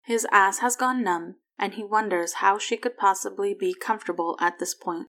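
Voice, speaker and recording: A woman narrating a fan fiction story aloud, softly and evenly. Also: mid-range voice, moderate pace.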